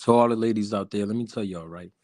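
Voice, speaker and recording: A man putting on a soft, smooth crooner voice to address the women watching his live stream. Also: dry recording, studio quality, lightly acted. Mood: smooth, courtly. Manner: soft, slow, low and suave. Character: smooth-talking male crooner charming the ladies.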